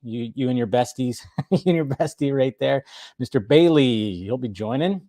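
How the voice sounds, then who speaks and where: A man's voice: mid-range voice, normal speed, dark tone, no room sound. A man hosting a casual live stream, chatting and thinking aloud while he sets things up. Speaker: stream host.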